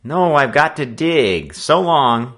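A man reading the part of a moody schoolboy who answers gruffly and impatiently. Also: mid-range voice, sing-song, slow, fairly bright tone, pitched above the performer's own voice, exaggerated voice. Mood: breezy. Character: moody schoolboy, bold but sulky.

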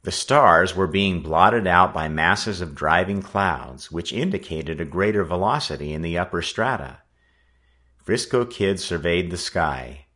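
A man narrating an adventure story as an audiobook reader, with an animated reading manner. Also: low-pitched, measured pace.

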